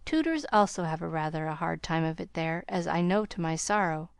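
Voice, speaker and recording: A woman voicing a kind, earnest young male tutor in an audiobook, speaking gently and encouragingly. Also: lowish voice, lively intonation, a little fast, creaky, clean tone, no room sound, clean studio sound. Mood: gentle.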